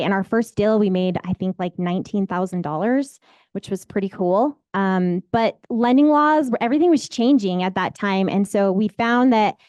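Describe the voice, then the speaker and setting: A woman's voice: medium pitch, darkish tone, clean tone, dry recording. A woman, a real estate agent telling her own story in a candid, rambling, emotional way. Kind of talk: personal storytelling.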